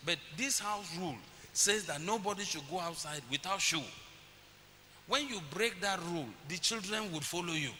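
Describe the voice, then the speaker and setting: Pastor preaching in a reverberant church. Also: male voice, high-pitched, moderate pace, bright, forceful tone. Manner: storytelling, acts out his children's voices. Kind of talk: sermon. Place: church hall. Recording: long church reverb, faint hiss.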